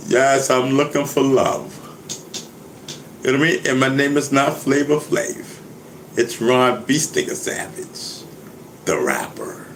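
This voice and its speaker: Laid-back rapper dude rambling and laughing, roomy echo, faint hum behind. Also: male voice, mid-range voice, slow. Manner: laid-back, laughing, keeps saying "you know what I mean". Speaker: rapper and vlogger. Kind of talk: casual rambling monologue.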